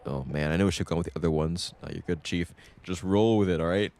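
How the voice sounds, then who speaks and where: A man streaming a story game, casually reading the dialogue aloud and adding quick comments in his own voice. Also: low-pitched. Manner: lively, reads game lines in his own voice with quick asides.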